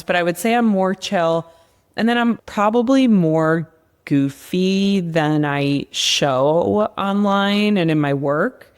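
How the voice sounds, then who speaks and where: A woman's voice: low-pitched, clean tone. A young adult woman, a leadership coach, talking candidly and upbeat in a casual conversation.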